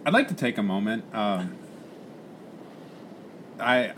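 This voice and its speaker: A man's voice: lowish voice, big pitch swings, fairly bright tone, slight background noise. A young man chatting casually between takes, laughing and joking at himself. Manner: laughing, self-mocking, quick asides.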